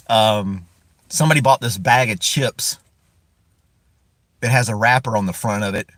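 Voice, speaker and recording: A man's voice: mid-range voice, a bit bright, no echo. A man from the United States hosting a casual live stream from inside a parked car. He rambles, chuckles often and greets viewers by name.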